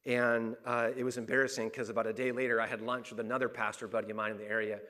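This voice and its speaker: A man's voice: medium pitch, level tone, fast talker, pushed and bright. Middle aged guy preaching a sermon, candid and personal, says stuff twice for emphasis, normal mid voice. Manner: personal and candid, many restarts and fillers; repeats phrases for emphasis. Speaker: pastor.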